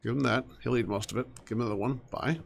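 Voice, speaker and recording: A young man giving casual commentary while he plays a game, chatting to his characters and often dropping to soft mutters. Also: mid-range voice, racing, vocal fry. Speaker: gaming streamer.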